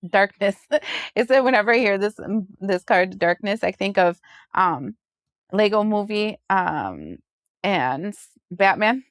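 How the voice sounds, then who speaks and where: A woman giving a casual tarot reading, sassy and chatty, acting out other people's voices with big jumps in pitch. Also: animated, measured pace, no echo. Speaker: tarot reader.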